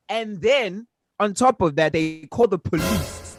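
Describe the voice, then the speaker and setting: Heated, fairly high-voiced podcast man. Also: animated, slow pace, dry recording, soft background music. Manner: heated, emphatic storytelling, profane. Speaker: podcast co-host. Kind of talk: casual chat.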